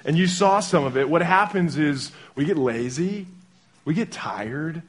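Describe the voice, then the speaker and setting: A young man delivering a sermon as pastor in a conversational, animated way, acting out little quotes as he goes. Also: fairly high pitch, measured pace.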